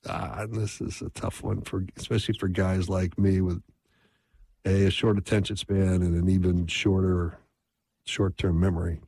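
Man teaching in a relaxed, chatty way, keeps checking in with listeners; lowish voice, dry recording. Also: normal speed, dry recording. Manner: conversational, constant "right?" check-ins. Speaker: relationship advice teacher. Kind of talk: casual teaching talk.

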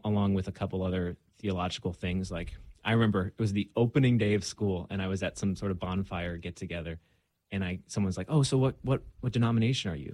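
A man's voice: on the low side, darkish tone, no echo. A young man speaking as a guest in a casual conversation, earnest and reflective, with frequent fillers.

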